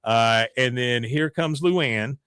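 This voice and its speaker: A man's voice: slow pace, smooth, dry recording, clean studio sound. A man hosting a podcast, casually recapping a cartoon episode and acting out the characters' lines. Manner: acts out characters' lines with animated pitch jumps. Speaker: podcast host.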